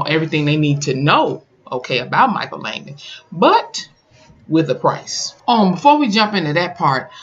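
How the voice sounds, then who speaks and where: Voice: mid-range voice, fairly bright tone, highs cut off. A YouTuber recapping and reviewing a TV episode in a casual, colloquial way, telling the story with lots of emphasis. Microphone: camera mic.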